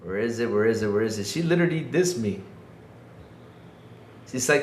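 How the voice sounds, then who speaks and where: A man's voice: fairly low pitch, lively intonation, normal speed, roomy sound, a little hiss or hum. A man hosting a casual livestream, joking with the chat and playing up mock hurt, laughing often. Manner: playful, self-mocking, laughs often, mock-whiny. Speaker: livestream podcast host. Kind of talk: casual live-chat banter.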